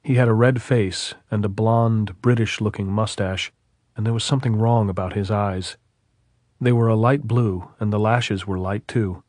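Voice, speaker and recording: A male audiobook narrator reads in a measured, steady way. His voice sits low with a husky grain. The recording is close and dry, with no room sound. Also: dry recording.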